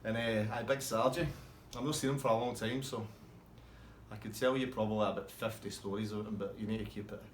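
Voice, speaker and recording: Man, casual anecdote, swearing, animated, roomy echo, faint background. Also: on the low side, fast, slight background noise. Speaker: storyteller.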